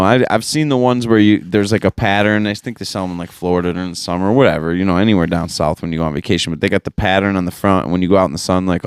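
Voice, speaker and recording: Laid-back, low-voiced podcast man. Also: smooth, dry recording, studio quality. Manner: laid-back and profane, full of slang and fillers. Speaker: podcast host. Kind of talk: casual chat.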